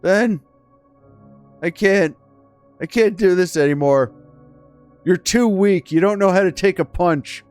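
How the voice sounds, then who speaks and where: A man's voice: high-pitched, slow, long pauses, a little mellow, smooth, soft background music, voice pushed up. A man voicing a distraught young woman student, bitter and desperate, in pleading, accusing outbursts. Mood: anguished.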